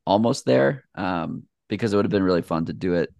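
A man's voice: deep voice, animated, brisk, vocal fry, darkish tone, no echo, clean studio sound. A man talking as a podcast guest in easygoing, rambling casual conversation with plenty of fillers. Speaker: podcast guest, shoe reviewer.

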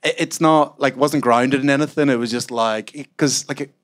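A man's voice: mid-range voice, moderate pace. Rambling, self-mocking man, founder. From Scotland. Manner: rambling and animated, packed with "like" fillers and self-mocking asides. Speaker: startup founder, interview guest. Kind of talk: casual onstage interview answers. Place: event room with a live audience.

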